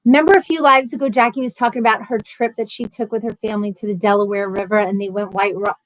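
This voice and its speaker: Speaking fast in a steady, mid-range voice, a thirtysomething woman runs a casual home livestream and reads out viewers' comments. She rambles chattily with frequent ums, restarts and self-corrections; the recording is dry and rough.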